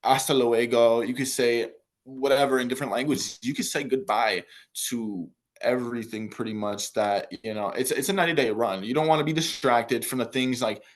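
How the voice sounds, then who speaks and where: A man's voice: mid-range voice, brisk. Young male business coach, loose motivational pep talk, lots of fillers. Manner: casual, repetitive, filler-heavy pep talk.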